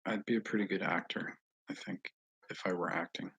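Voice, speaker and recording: Low, husky man with a Northeast US accent. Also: fairly even intonation, no echo, lo-fi sound. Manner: rambling, slow, with frequent pauses and fillers that trail off into quiet asides. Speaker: channel host answering viewers. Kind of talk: casual live chat.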